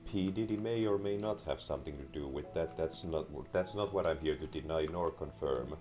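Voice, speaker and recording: A young man with a sore throat and a deep, raspy voice, giving deadpan gameplay commentary. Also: moderate pace. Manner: deadpan, crude jokes. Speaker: gamer. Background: faint game music and keyboard typing.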